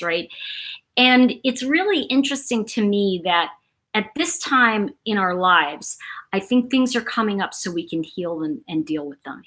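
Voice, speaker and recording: A woman's voice: mid-range voice, a bit bright. A middle-aged woman hosting a casual livestream, talking in a rambling, chatty way and greeting viewers by name. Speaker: livestream host.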